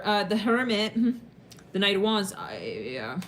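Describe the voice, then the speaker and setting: A woman's voice: medium pitch, sing-song, very slow, pushed and bright, slight background noise. A woman doing a casual tarot reading for her viewers. She talks in a chatty, rambling way, with lots of fillers and sudden laughs. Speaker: tarot reader.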